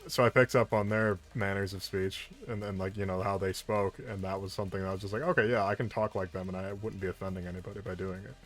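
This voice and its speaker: A man's voice: sits low, fast, hardly any pauses, faint music behind. A man who voices characters, chatting animatedly on a livestream and often restarting his sentences. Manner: animated and talkative, with frequent restarts and laughs. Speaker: voice actor. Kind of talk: casual chat on a livestream.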